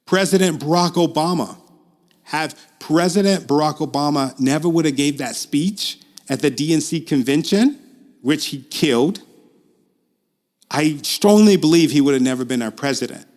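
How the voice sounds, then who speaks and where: A man working as a public speaking coach, giving a casual, earnest pitch straight to the viewer, with frequent ums, restarts and repeated phrases, his pace speeding up and slowing down. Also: darkish tone. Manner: uneven pace, speeds up and slows down. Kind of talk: casual direct-to-camera pitch.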